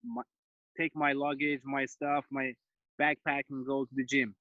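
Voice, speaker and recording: A man's voice: medium pitch, unhurried, no echo, narrow, tinny audio. A man from Iran, a stuntman guest on a podcast, telling stories in casual English and acting out the voices he quotes. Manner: animated storyteller, acts out quoted voices, non-native phrasing. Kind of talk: casual storytelling interview.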